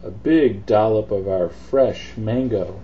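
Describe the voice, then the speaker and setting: A man's voice: on the low side, takes it slowly, muffled recording, a little hiss or hum. A man hosting a cooking demonstration, talking through each step in a chatty, easygoing way. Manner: chatty, relaxed instruction with fillers. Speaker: cooking show host.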